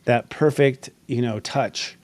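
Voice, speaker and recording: A man's voice: mid-range voice, steady tone, slow, darkish tone, dry recording. Thoughtful male show host, dry sound. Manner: affirming, thoughtful, frequent fillers. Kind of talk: interview chat.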